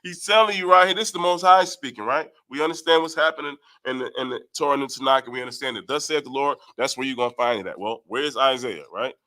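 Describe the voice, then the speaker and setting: A man's voice: medium pitch, fast talker, few pauses, sharp tone. A man leading a Bible study, reading verses aloud and explaining them, often asking "right?". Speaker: Bible teacher. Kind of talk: scripture study talk.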